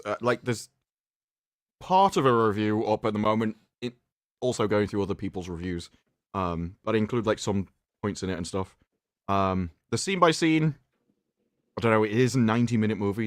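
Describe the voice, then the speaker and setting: A man's voice: on the low side, fairly quick, dry recording, clean studio sound. A man co-hosting a casual livestream chat, rambling and laughing often. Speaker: co-host.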